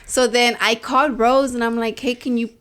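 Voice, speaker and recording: A woman's voice: fairly high pitch, normal speed, clean tone. Woman podcast host telling a story. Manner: animated storyteller, mixing Spanish and English. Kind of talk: casual storytelling chat.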